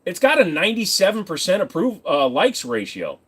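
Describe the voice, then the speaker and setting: A man's voice: high-pitched, huge pitch swings, brisk, fairly bright tone, slightly rough. A man casually chatting with viewers on a livestream, rambling and joking crudely. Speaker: livestream host.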